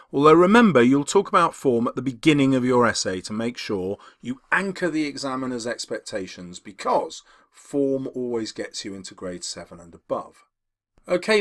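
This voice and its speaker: A man teaching English, explaining poetry analysis to students and slowing down to read quotations. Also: medium pitch. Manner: lively, emphatic, slows down to read quotations.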